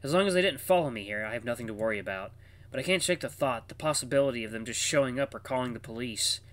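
A man's voice: mid-range voice, expressive, fast talker, fairly bright tone. A man reading a visual novel aloud in a casual way, with asides to his viewers. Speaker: game streamer.

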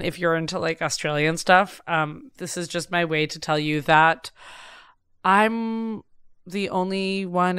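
Chatty giggly woman cohost, says like a lot, bright voice. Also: sits low, clear, resonant tone, no echo, studio quality. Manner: chatty, giggly, lots of likes. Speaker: podcast co-host. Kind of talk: casual chat.

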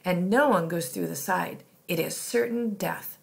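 A woman voicing a stern female commander, giving orders in a low hushed voice. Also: unhurried, vocal fry. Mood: commanding.

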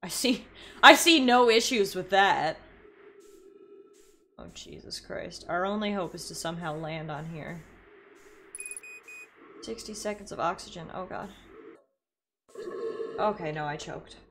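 A woman streaming a game and talking through it live, excitable, shrieking, laughing and swearing when things go wrong, and reading the on-screen text aloud. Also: on the low side, unhurried, pauses often, slight background noise. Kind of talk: live gameplay commentary.

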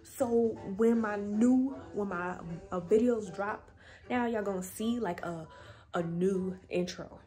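A woman's voice: medium pitch, takes it slowly, dark tone. A young woman chatting casually to her viewers in a phone vlog from her bedroom, loose and slangy, swearing freely. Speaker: vlogger. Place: bedroom at home. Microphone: phone camera.

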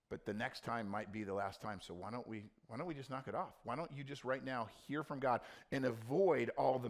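A male pastor preaching a blunt sermon, dropping to quiet intensity and then rising into loud, mocking quoted voices. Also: medium pitch, gravelly.

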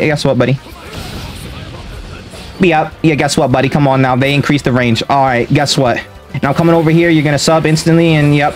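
A young man rants through his gameplay commentary, trash-talking opponents in a voice pitched a bit high for a man. Faint music plays underneath. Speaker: gaming video creator.

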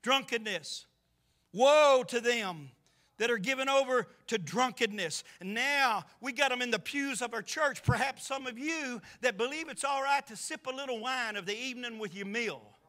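A man's voice: very high-pitched, normal speed, hardly any pauses, pushed and bright. A man preaching a sermon as pastor, firing off rhetorical questions with impassioned force. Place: church sanctuary.

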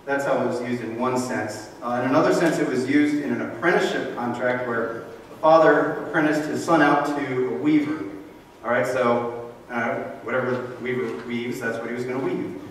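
A man preaching a sermon in a relaxed, conversational way, explaining scripture and briefly acting out the people he quotes. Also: mid-range voice, normal speed. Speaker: pastor. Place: church sanctuary. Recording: roomy echo from a distant mic with faint noise.

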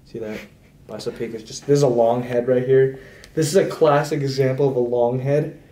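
A man's voice: medium pitch, fairly even intonation, moderate pace, dark tone. A young man vlogging with friends, joking around in slang and showing off his muscles, filmed by a friend's camera. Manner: laid-back, slangy, flexing and joking about his muscles. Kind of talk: casual vlog chat with friends. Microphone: camera held by a friend. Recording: echoey and distant from the camera, with some background noise.

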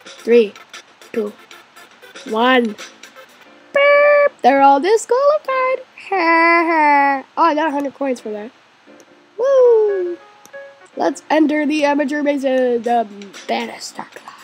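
A woman hosting a let's play, chatting excitably as she plays, cheering her character on and sometimes dropping into a whisper. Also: high voice, slow pace, pauses often, soft background music. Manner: drops into whispers now and then. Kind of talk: gaming commentary.

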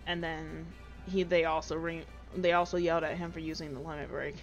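A woman's voice: sits low, little pitch movement, fairly quick, faint music behind. Chatty woman streamer, slightly muffled. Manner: chatty, laughs often, swears. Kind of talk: casual chat while gaming.

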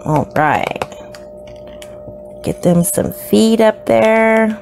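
A woman's voice: a little high, lively intonation, drawn-out words, vocal fry, darkish tone, faint music behind. A woman narrating a casual unboxing of her new pets, gushing and slipping into baby talk. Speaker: isopod hobbyist vlogger.

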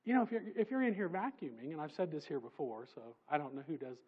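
A man with a high voice preaches in a church, swinging between raised, emphatic lines and quiet, chatty asides to the congregation. The recording is dull and lo-fi, like an old church tape. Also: sing-song, fast, slightly rough. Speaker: pastor. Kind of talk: sermon. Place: church sanctuary.

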